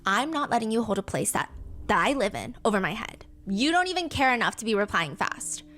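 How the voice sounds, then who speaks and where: A woman's voice: fairly high pitch, sing-song, brisk, fairly bright tone. A woman reading out a demanding young woman's messages in a curt, scornful tone.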